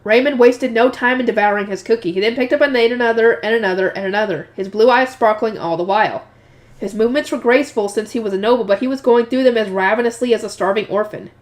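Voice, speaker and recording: Higher-voiced woman reading a novel aloud, casual, self-correcting. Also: fast. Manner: casual reading, corrects her own slips. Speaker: reader.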